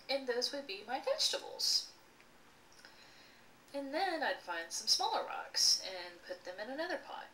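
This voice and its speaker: Woman storyteller, slow and animated, bright tone, echoey room, distant mic, faint background hiss. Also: fairly high pitch. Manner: slow, expressive storytelling with laughs. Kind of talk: personal childhood story, voiced for signing.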